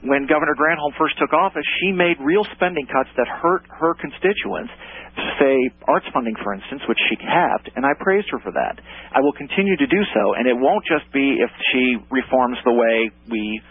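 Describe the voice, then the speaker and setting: A man appearing as a policy analyst guest on talk radio, explaining points in a measured, articulate way. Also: medium pitch, lively intonation, slightly rough. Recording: tinny phone-like line, dry.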